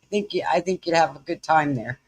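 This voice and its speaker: A woman's voice: sits low, fairly quick, slightly rough. A woman with a Southern US accent hosting a live stream from home, chatting folksily with viewers. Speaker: livestream host. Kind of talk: casual live commentary.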